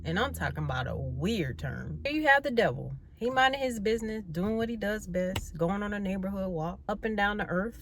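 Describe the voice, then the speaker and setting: A woman hosting a video, retelling an old story as comedy in casual slang with exasperated, expressive delivery. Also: medium pitch, a little hiss or hum. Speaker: video host.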